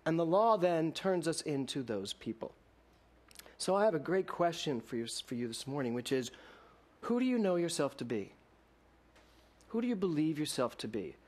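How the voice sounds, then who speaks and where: High, animated male minister preaching. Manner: lively storytelling with laughter and rhetorical questions. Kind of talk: sermon.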